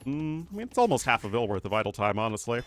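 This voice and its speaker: A man's voice: mid-range voice, sing-song, fast. Male esports caster, chatty and joking. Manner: chatty, joking asides reading viewer chat. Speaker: game tournament caster. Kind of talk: live esports commentary.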